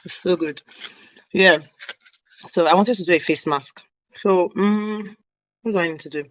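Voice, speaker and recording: A woman's voice: fairly low pitch, normal speed, no echo, low-quality recording. Chatty woman, dry close sound. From Nigeria (South South). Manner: rambling, chatty, talks while eating. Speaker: hair care vlogger. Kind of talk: casual live-stream chat. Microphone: camera mic on a live stream.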